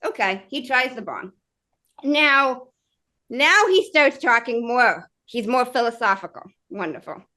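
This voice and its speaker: A high, bright woman's voice that swings widely in pitch, relating a dating mishap with blunt, profane flair. She talks casually and animatedly, in a podcast guest chat. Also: measured pace. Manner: animated, profane, acts out dialogue.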